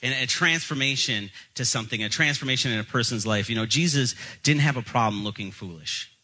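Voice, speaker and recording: A young man preaching with a very bright, crisp tone, spinning a self-mocking anecdote for his listeners. His voice sits at an ordinary pitch and keeps a conversational sermon rhythm. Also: fairly quick, poor audio. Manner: storytelling, jokey self-deprecating. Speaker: pastor.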